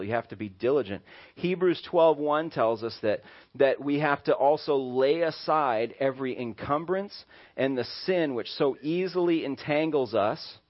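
A male pastor with a slightly high voice preaches a sermon conversationally, acting out little voices. The recording sounds dull and lo-fi.

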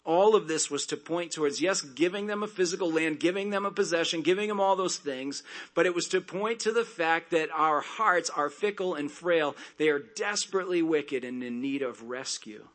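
Pastor guy reading bible verses then chatting about them, kinda high voice, jokey asides. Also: fairly bright tone. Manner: conversational, with quick jokes and asides. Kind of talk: expository sermon with scripture reading.

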